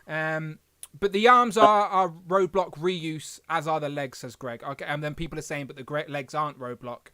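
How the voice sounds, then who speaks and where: A man's voice: a little high, moderate pace, bright, forceful tone, clear, resonant tone. A man hosting a casual livestream, rambling and correcting himself as he reads the chat aloud. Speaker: podcast host.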